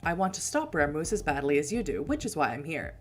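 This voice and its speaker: A woman's voice: deep voice, very animated, fast talker, faint music behind. A woman voicing a cocky male vampire tech specialist, speaking in a brash, casual way.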